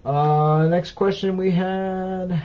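A man's voice: high voice, steady tone, drawn-out words. Man giving casual advice on a lo-fi stream. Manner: casual, conversational, many fillers and restarts. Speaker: co-host answering viewer questions. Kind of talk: live Q&A advice talk. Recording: dull lo-fi livestream audio.

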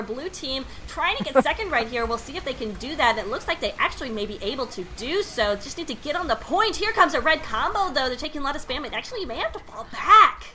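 A woman's voice: high voice, pushed and bright, a little hiss or hum. A woman casting a video game match, joking and riffing between plays. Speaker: esports commentator. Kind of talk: casual game commentary.

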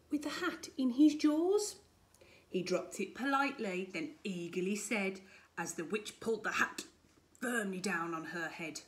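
A woman primary school teacher reading a picture book aloud to children in a remote lesson, with an animated, expressive delivery. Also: mid-range voice, measured pace. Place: home-recorded remote lesson video.

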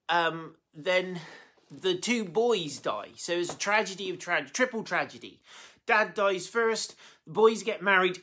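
A preacher retelling a Bible story in a chatty sermon, with frequent fillers and restarts. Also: mid-range voice. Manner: conversational and lively, with many fillers and restarts, acting out quotes. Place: church meeting room.

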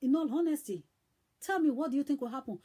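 A woman evangelist preaching in a high voice. She is emphatic and repeats herself, one moment loud and the next almost hushed. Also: animated, fast. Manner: emphatic, repetitive, swings between loud and hushed. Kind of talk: sermon.

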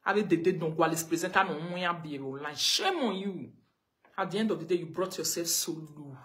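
A woman's voice: lowish voice, moderate pace, fairly bright tone. A woman with a Nigerian accent, ranting on a live video and scolding someone with the same pointed questions again and again. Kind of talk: confrontational live rant.

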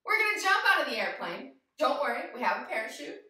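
A woman's voice: high-pitched, very animated, fast, pushed and bright, heavy reverb, distant mic. A woman leading a playful yoga lesson for young children, talking straight to them in a sing-song way. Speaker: kids yoga teacher.

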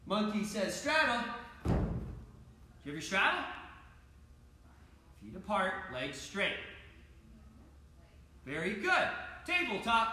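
A man's voice: high voice, sing-song, takes it slowly, long pauses, pushed and bright, very echoey. A man coaching a children's home gymnastics workout, upbeat and playful, talking straight to the kids watching. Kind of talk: kids' home workout lesson.

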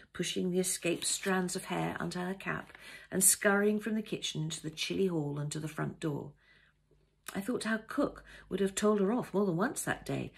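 A woman author reading her own novel aloud, gentle and intimate in the first person. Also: lowish voice, vocal fry, husky. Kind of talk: storytelling read aloud.

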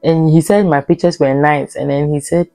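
A young woman from Ghana talks through her travel tips in a relaxed, chatty vlog. Her voice sits low and mellow, recorded close and dry, with faint music underneath. She laughs easily and jumps up in pitch when she acts out conversations. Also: moderate pace, no room sound. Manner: chatty, laughs often, acts out airport dialogue in a raised voice. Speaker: vlogger. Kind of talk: casual travel advice vlog.

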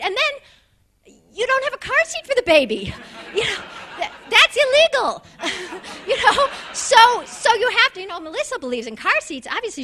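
A middle-aged American woman with a New York accent and a very high-pitched, sharp voice tells a comic story to an audience, acting out voices and tossing in quick asides.

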